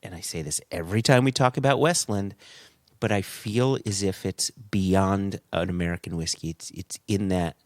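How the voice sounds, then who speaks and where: Middle-aged guy cohosting a podcast, lowish voice, dry close sound, tells stories and laughs at himself a lot. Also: moderate pace, dry recording. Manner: animated storyteller, laughs at himself. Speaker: podcast co-host. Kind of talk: casual podcast chat.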